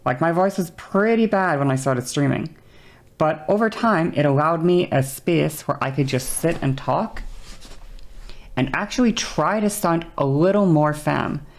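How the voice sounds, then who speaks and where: A woman's voice: sits low, gravelly. A young woman streamer chatting candidly and reflectively about her voice, often repeating herself. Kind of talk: casual livestream chat.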